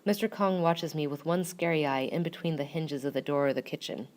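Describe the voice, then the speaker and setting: Low-voiced woman reading a first-person story. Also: fairly quick, darkish tone. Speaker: narrator.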